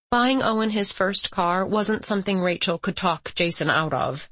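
A woman's voice: fairly low pitch, lively intonation, unhurried, few pauses, sharp tone, no echo. Woman narrating a romance audiobook. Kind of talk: scripted narration.

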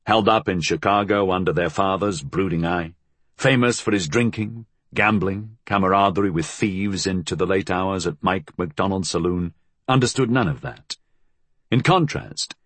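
A man reading a novel aloud as an audiobook narrator, telling the story in a measured, expressive way. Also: lowish voice, slightly rough, no echo. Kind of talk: scripted narration.

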